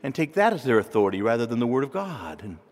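Male preacher, lively pitch, chatty sermon delivery, echoing church hall. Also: fast talker. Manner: conversational, animated, asks the listeners questions. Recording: long reverb of a large hall.

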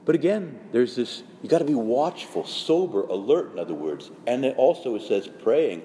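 A man's voice: medium pitch, sing-song, moderate pace, few pauses, dark tone. A man, a Catholic priest speaking to fellow priests, preaching urgently with many restarts and reading scripture aloud. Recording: long hall reverb, faint background noise.

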